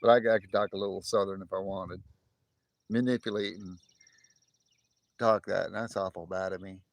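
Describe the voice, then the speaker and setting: A man's voice: sits low, flat delivery, fast, no room sound. Chatty man live from outdoors. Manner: chatty, laughs often, jokey put-on voices. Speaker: livestream host. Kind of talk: casual chat to live viewers. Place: outdoors in morning sun. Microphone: phone.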